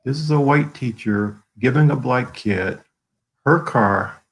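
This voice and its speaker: A man from the American South, a guest author telling personal stories in an earnest, halting way, with many fillers, over a video call. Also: mid-range voice, husky, rough recording. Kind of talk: emotional personal storytelling.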